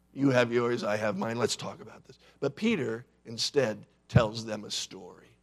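A man preaching a sermon, telling the story in a dramatic way with sudden drops from loud to hushed. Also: medium pitch, breathy edge. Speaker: pastor.

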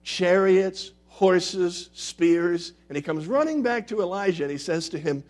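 A man preaching a sermon and telling stories. He moves between loud, dramatic lines and hushed, quiet ones. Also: fairly high pitch, expressive, a little slow, hardly any pauses, soft background music. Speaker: pastor. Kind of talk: sermon with storytelling.

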